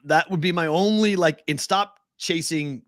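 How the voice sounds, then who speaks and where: A man co-hosting a sports betting podcast in casual talk, animated and laughing often, sometimes mimicking whiny voices. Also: fairly high pitch, moderate pace, dry recording, studio quality.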